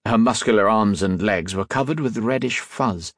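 Fairly low in pitch, the male narrator delivers the audiobook with measured, expressive storytelling. There's no echo, just clean studio sound.

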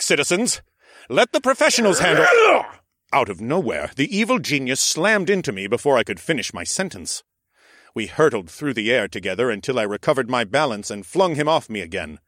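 A man narrating a first-person audiobook in an expressive, sardonic storytelling manner. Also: fairly low pitch, dry recording, clean studio sound.

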